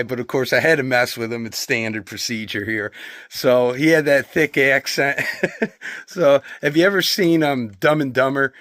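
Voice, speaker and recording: A man's voice: mid-range voice, no room sound. Man, bookseller, casual vlog chat, mid-range voice, worn out, dry sound. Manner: chatty and relaxed, reading off book titles. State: worn out after long days. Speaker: used and antiquarian bookseller. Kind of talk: casual show-and-tell vlog.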